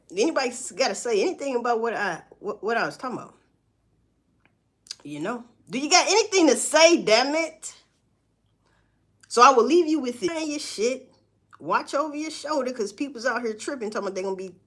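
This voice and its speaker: On a live stream, a woman talks straight to her viewers in a blunt, profane, casual way. Her pitch swings widely and she jumps up into loud, emphatic outbursts. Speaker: livestream host. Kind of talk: casual livestream chat to viewers.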